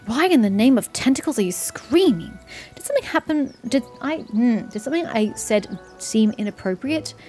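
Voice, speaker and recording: A woman's voice: on the high side, lively intonation, moderate pace, dark tone, faint music behind, natural voice. A woman voicing an earnest, stiffly formal male knight with courtly speech.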